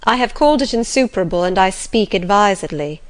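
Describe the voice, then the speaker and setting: Woman reading as a cool steady lawyer guy, every word crisp and official. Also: mid-range voice, brisk, close to an everyday voice. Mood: firm. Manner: calm, distinct, steady, official. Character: calm precise male lawyer, steady, unhurried.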